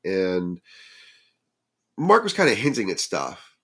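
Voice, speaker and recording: A middle-aged man casually recounting a true story from his teen years as a podcast guest, lively and acting out other people's lines. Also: low voice, slow.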